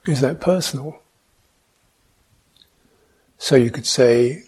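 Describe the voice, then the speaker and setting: A man giving a reflective meditation talk, speaking slowly, asking questions and adding soft hums between points. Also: mid-range voice, husky. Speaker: meditation teacher. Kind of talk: dharma talk.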